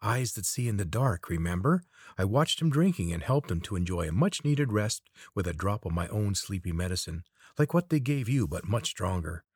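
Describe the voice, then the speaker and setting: A man's voice: fairly low pitch, expressive, moderate pace, husky, no echo, clean studio sound. A man voicing a bossy young woman scout who speaks in an urgent, hissing way. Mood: urgent, sly.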